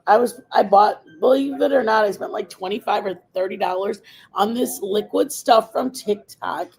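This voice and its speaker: A woman's voice: mid-range voice, moderate pace, creaky, a little mellow, rough recording. A woman hosting a casual makeup livestream, chatting in a rambling, opinionated way. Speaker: livestream host.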